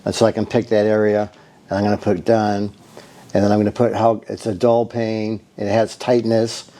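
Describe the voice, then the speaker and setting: A man's voice: on the low side, level tone, moderate pace, dark tone. A man telling his own patient story in a casual, rambling and earnest way. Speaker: bodywork therapist giving a patient testimonial. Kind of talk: casual spoken testimonial.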